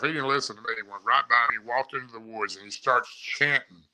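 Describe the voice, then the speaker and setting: A man's voice: medium pitch, fairly quick, few pauses, pushed and bright, rough recording. A man telling his own encounter story in a casual, rambling way, often repeating and restarting his phrases. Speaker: eyewitness recounting an encounter. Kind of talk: casual first-person storytelling.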